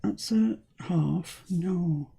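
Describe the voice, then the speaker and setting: Female craft host from the UK, lower register with vocal fry, chatty play-by-play of her work. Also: animated, very slow, dark tone. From United Kingdom. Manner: chatty, talks herself through each step. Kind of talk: live crafting demonstration.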